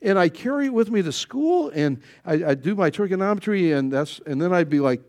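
High, lively-voiced preacher man. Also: a little fast, few pauses. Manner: folksy, joking asides and rhetorical questions to the congregation. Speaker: pastor. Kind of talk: sermon.

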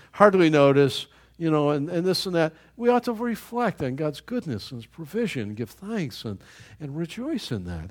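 Lively, high-voiced older male pastor preaching. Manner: animated preaching with asides and repeated words. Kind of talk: sermon.

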